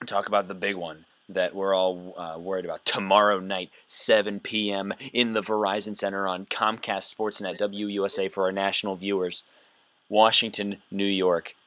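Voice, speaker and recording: Podcast host guy going through numbers, lowish voice, bright, super dry audio. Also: level tone, moderate pace, no room sound. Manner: rattles off stats and previews like a broadcaster. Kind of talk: casual sports chat.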